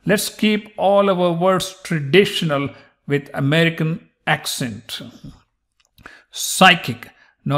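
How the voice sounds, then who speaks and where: A man's voice: on the high side, a bit bright. Indian-accented man teaching accent tips. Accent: Indian English. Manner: lists words and riffs on each with humor. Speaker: accent coach. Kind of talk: informal accent lesson.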